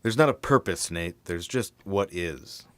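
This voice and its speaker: A man in his fifties playing his own cryptic, deadpan older self who has come back from the future, in an audio drama. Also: low voice, unhurried, no room sound. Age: 50s. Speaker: older time-traveling self.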